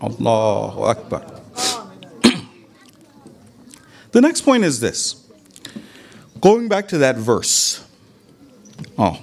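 A man giving a religious talk, retelling a story with lively quoted dialogue and Arabic religious phrases. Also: medium pitch. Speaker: religious lecturer. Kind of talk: sermon with storytelling.

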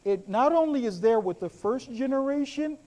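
A male preacher with a strikingly high voice delivers a sermon. His pitch swoops widely as he shifts from loud, excited bursts to low, hushed asides. The telling is animated and story-driven. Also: moderate pace.

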